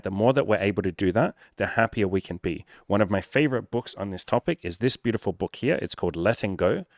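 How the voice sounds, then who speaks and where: A man giving blunt, profane, energetic dating-coach advice in a casual talk straight to the camera. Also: lowish voice, dry recording, clean studio sound.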